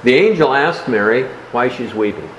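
A man preaching a sermon, explaining a Bible passage in a measured way and dropping his voice softly on key words. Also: medium pitch, expressive, roomy sound, highs cut off, a little hiss or hum.

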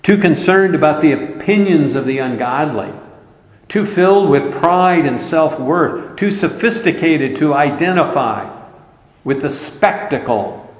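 A man's voice: fairly high pitch, lively intonation, takes it slowly. A man preaching a sermon, earnest and emphatic, quoting scripture throughout. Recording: roomy, dull lo-fi hall recording.

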